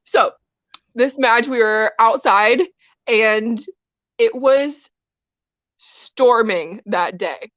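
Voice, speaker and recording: A woman's voice: a little high, extremely slow, long pauses, fairly bright tone, dry recording, highs cut off. A woman wrestler guest telling a story in a casual interview, laughing often as she talks. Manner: giggly, laughs often while telling stories.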